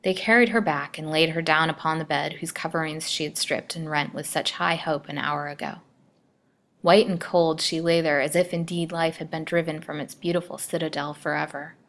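A woman storyteller reading a melodramatic serial aloud with expressive delivery. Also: low voice, normal speed. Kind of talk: scripted narration.

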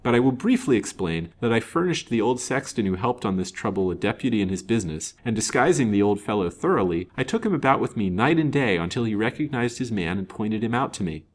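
Man reading self-assured detective, frank, earnest, fairly low voice. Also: very animated, fast talker, hardly any pauses. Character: confident, shrewd male detective. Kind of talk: storybook reading.

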